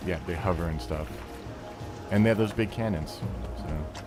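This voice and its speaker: A man co-hosting a podcast live stream, relaxed and explanatory. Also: sits low, normal speed. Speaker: podcast co-host. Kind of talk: casual live-stream chat. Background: game music.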